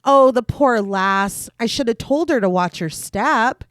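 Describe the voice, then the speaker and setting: A woman's voice: mid-range voice, sing-song, very slow, smooth, no room sound, clean studio sound. A woman reading as a gleeful, cruel leprechaun. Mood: mocking.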